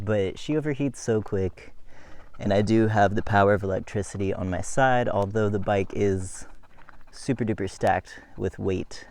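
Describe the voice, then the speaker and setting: A man's voice: on the low side, a little slow, creaky, a little mellow. A man talking to his camera while cycling uphill outdoors, chatty, laughing and out of breath. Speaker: cycling vlogger. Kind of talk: casual vlog while riding. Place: outdoors, riding a bike uphill. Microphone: phone camera held while cycling.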